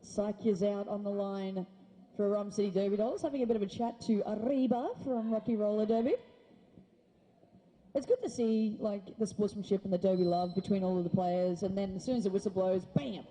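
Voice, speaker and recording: A woman's voice: medium pitch, brisk, warm tone, low-quality recording. Woman calling roller derby. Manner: jokey, punning play-by-play. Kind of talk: live sports commentary.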